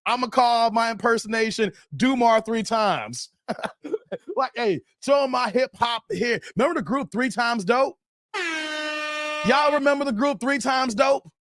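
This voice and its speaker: A man's voice: very high-pitched, unhurried, no room sound. A middle-aged man hosting a live stream in casual chat, joking and laughing often. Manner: jokey, laughs often, animated.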